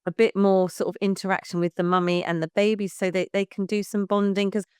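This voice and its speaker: A woman's voice: medium pitch, little pitch movement, brisk, clean tone, dry recording, clean studio sound. A woman in her fifties, a baby music class leader, chatting frankly as a podcast guest and swearing casually. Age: 50s.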